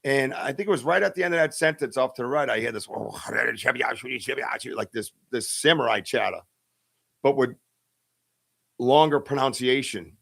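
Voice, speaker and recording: A man's voice: mid-range voice, unhurried, creaky, fairly bright tone, breathy edge. A man hosting a podcast, telling a story in a casual, rambling way with lots of fillers and restarts. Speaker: podcast host. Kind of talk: casual storytelling on a live stream.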